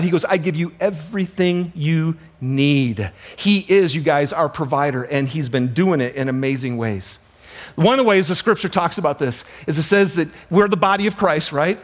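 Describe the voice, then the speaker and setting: A man preaching a sermon as a pastor, telling stories with dramatic slowdowns and hushed emphasis. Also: a little high.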